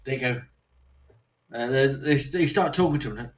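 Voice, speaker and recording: A man's voice: medium pitch, moderate pace. A man from Somerset with a West Country accent, hosting a casual chat and telling rambling stories. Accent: West Country English. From Somerset, England. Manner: rambling anecdotes, acts out quoted voices. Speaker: podcast host.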